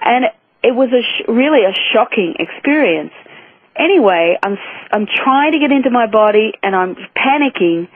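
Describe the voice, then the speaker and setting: A woman speaks as a guest over a tinny, phone-like line. Her voice sits a little high and slightly husky, with a dry, close sound. She talks earnestly and intensely, often restarting her sentences. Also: animated, moderate pace, no echo. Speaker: guest, spiritual author and healer. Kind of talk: casual phone interview, personal storytelling.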